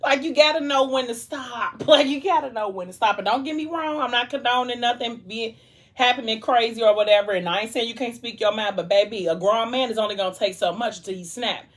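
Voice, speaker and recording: A woman's voice: fairly high pitch, a little fast. Woman vlogger going off about a book, emphatic, super casual. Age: adult. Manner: animated, emphatic and colloquial.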